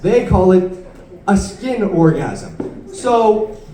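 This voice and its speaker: A young man in his late teens works through a stand-up set, his voice sitting noticeably high. He rambles, trips over his words and pokes fun at himself. The sound is roomy and picked up from some distance away in a club. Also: animated, very slow. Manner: rambling, self-deprecating, stumbling delivery. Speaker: stand-up comedian. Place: comedy club stage.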